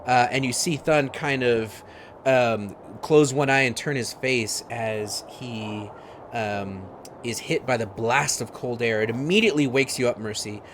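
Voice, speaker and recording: Slow-talking man narrating a tabletop game. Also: medium pitch, fairly bright tone. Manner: slow, halting, with many fillers. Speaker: game master. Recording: noisy stream audio.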